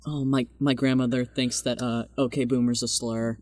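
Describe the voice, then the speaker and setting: A teenage boy chatting casually and animatedly about his family, slipping into higher voices when he quotes them. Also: moderate pace, no room sound, studio quality. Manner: animated, mimics relatives in higher voice. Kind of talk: casual chat.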